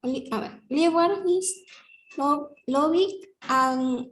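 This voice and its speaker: A woman's voice: sits high, slow pace, poor audio. A woman student with a Spanish accent reading aloud, hesitant and stumbling over the words.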